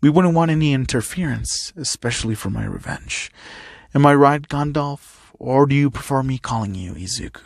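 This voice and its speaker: A man's voice: medium pitch, animated, moderate pace, vocal fry, no room sound. A man voicing a sneering masked male villain who mocks his enemy and speaks of revenge, in a dry recording. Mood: taunting. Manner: taunting, mocking.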